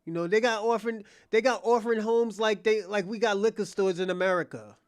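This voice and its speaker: A man's voice: high-pitched, steady tone, a little fast, no room sound. A man hosting a livestream, ranting to his chat in a mocking, provocative way, cursing and repeating himself. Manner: profane, repetitive, restarts phrases. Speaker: livestream host.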